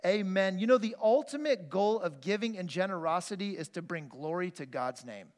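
Male pastor, high voice, earnest storytelling sermon, long church-hall reverb. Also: expressive, a little fast. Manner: earnest, storytelling, frequent restarts. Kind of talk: conversational sermon with personal stories. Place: church sanctuary.

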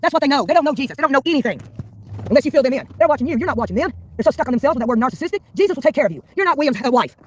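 A woman's voice: high-pitched, expressive, very fast, a little hiss or hum. A woman from Mississippi, ranting and preaching combatively on a phone livestream. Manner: preachy, combative, scripture-quoting. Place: hospital entrance, then a vehicle.

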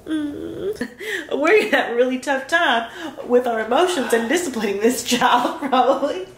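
A woman's voice: high-pitched, expressive, normal speed, roomy sound, slight background noise. A woman, a new mother, gushing and giggling as she talks casually to the camera in a hospital room. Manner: gushing, giggly, overcome with emotion. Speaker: new mother vlogging her birth. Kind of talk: casual vlog.

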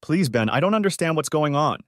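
A man's voice: a little high, lively intonation, brisk, no room sound, clean studio sound, pitched above the performer's own voice, close to an everyday voice. A man voicing a desperate young mother who pleads tearfully with her husband, in an audiobook. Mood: pleading. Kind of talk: audiobook character voice.

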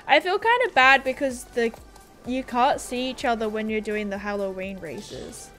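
A chatty young Australian woman talks casually through a gaming livestream, rambling from one thing to the next and giggling often. Her voice sits high and light, with soft music playing faintly underneath. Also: lively intonation, fairly quick. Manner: chatty, rambling, giggly, reads viewer comments aloud.

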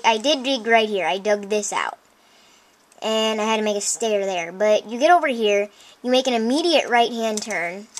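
A woman commenting on her own video game play, chatty and easily excited, often breaking into exclamations and talking straight to her viewers. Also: a little high, slight background noise. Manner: chatty, addresses viewers directly. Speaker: let's play host. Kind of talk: gameplay commentary.

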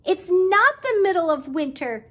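A woman's voice: very high voice, a little slow, pitched above the performer's own voice, exaggerated voice. A woman voicing an eager, stubborn young girl groundhog in a storybook read-aloud. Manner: excited, insistent.

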